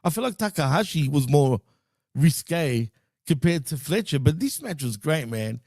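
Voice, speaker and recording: A man co-hosting a wrestling podcast in a loose, excitable way, throwing in dude and bro and the odd swear. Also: a little high, moderate pace, dry recording, studio quality. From Greek heritage. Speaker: podcast co-host. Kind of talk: casual wrestling chat.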